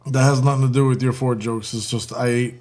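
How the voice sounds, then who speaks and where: A man's voice: mid-range voice, steady tone, a little fast, a little mellow. A man hosting a casual live stream and joking with his chat while building a kit, often breaking into laughter.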